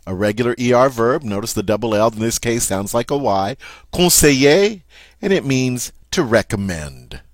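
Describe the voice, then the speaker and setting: A man teaching French vocabulary in a slow, patient way, saying each word twice and then explaining it. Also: medium pitch, expressive, dry recording. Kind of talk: vocabulary lesson.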